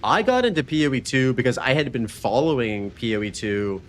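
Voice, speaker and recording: A man's voice: mid-range voice, lively intonation, brisk, slight background noise. A man hosting a live stream, chatting loosely and swearing freely while he plays a game and talks about his podcast. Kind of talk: casual live-stream chat while gaming.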